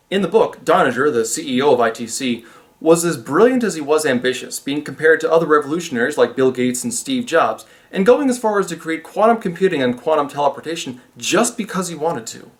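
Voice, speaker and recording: Lively, sarcastic man reviewing a film. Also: on the high side, husky. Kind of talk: comedic review narration.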